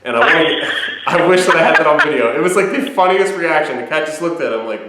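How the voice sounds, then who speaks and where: Rambling young dad in echoey room. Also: male voice, fairly high pitch, fast, a bit bright, slight background noise. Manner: rambling, laughing, swears freely. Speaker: host, new father. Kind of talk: casual family phone chat.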